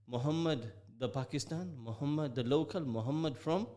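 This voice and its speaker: A man's voice: on the high side, moderate pace, dark tone. A middle-aged man hosting a live radio show, chatty and jokey, reading out listener messages from the studio. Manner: chatty, upbeat, jokey, sprinkles Arabic phrases. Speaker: radio host.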